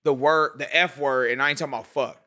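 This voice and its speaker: A man's voice: medium pitch, fast talker. A man co-hosting a casual barbershop-style podcast, telling stories with emphatic slang. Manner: animated, emphatic storytelling with slang. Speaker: podcast co-host.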